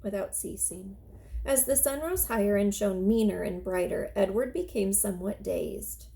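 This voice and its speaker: A woman teacher reading a children's chapter book aloud in an expressive, steady storytelling manner. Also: medium pitch, normal speed, gravelly, poor audio.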